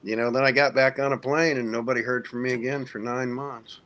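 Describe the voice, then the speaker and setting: A middle-aged man from Indiana, a former soldier, tells a long story to friends in an easygoing, cuss-laden way. His voice sits at an ordinary middle pitch, and he drifts between plain narration and quick mimicry of other people. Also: steady tone, fairly bright tone. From United States (Indiana). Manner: profane, laid-back storyteller who mimics others. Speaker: military veteran storyteller. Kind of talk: casual storytelling in a group hangout.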